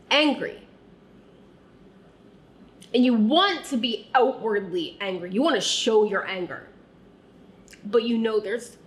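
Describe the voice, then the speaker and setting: A woman recounts her own past, speaking straight to the listener as "you". Her voice sits at an ordinary pitch and moves at a slow, unhurried pace. She sounds earnest and often sinks into a soft, quiet tone. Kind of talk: reflective second-person personal narration.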